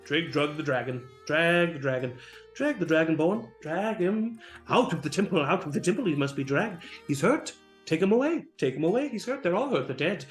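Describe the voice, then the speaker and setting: A man's voice: a little high, animated, moderate pace, voice pushed up, close to an everyday voice. A man voicing an unhinged male dragonborn noble who rambles in sing-song repetitions and rhymes. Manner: sing-song muttering, repeats words, rhymes. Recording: roomy with faint music.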